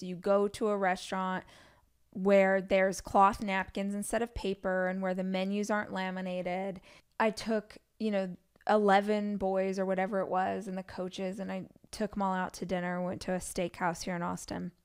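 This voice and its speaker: Smooth-voiced woman in her forties telling stories. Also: mid-range voice, little pitch movement, moderate pace. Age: 40s. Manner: candid, chatty storytelling with asides. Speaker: podcast host. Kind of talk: solo podcast monologue.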